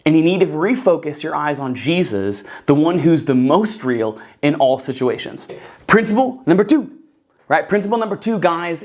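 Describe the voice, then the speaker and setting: Brief: lively Bible teacher, pitch swinging widely, talks casually to the group and checks in with "right?". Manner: conversational, keeps asking "right?" and addressing "guys"; enthusiastic, animated storytelling.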